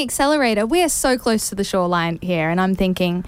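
A woman who is a radio guest tells a story in a casual, animated way, laughing as she goes. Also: medium pitch, fast talker, smooth. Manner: animated, laughing through the telling.

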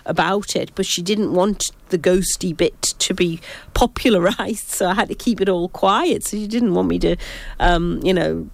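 A woman with a gravelly, fry-laced voice chats about ghost sightings, often cutting herself off and starting over. She talks as a psychic, recorded close and dry. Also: lowish voice, dry recording. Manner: rambling, self-interrupting storytelling. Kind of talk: casual ghost-story chat.

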